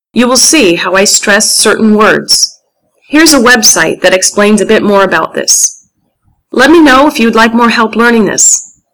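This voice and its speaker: A woman's voice: medium pitch, a bit bright, poor audio. An American woman gives an English lesson, reading telephone phrases aloud for learners. She leans hard on the stressed words, so her delivery sounds almost sung. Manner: clear, strong word stress, sing-song delivery. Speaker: English teacher.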